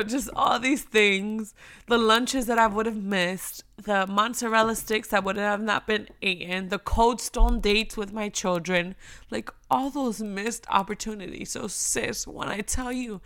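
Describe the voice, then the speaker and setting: A young woman giving a heartfelt, emotional faith talk, speaking earnestly and moving between near-whispers and loud emphasis. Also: medium pitch, steady tone, normal speed.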